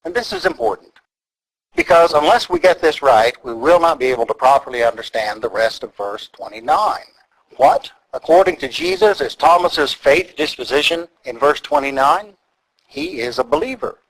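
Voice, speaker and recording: A man preaching an expository sermon, deliberate and emphatic as he walks through the text. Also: on the high side, huge pitch swings, gravelly, fairly bright tone, rough recording. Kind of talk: sermon teaching.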